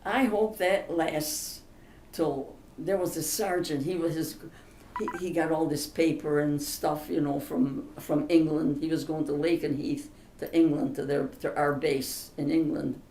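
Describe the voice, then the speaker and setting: A woman's voice: low-pitched, fairly even intonation, moderate pace, dark tone. An older woman in a casual interview, telling family stories in a chatty, emphatic way. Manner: chatty, emphatic, laughs through her stories. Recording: roomy, distant mic, faint background hiss.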